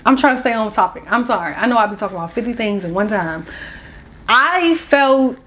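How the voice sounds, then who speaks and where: A woman's voice: on the high side, lively intonation, fairly quick, a bit bright, a little hiss or hum. A young woman, talking to her camera in a rambling, candid and emotional way. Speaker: vlogger. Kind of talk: candid personal vlog.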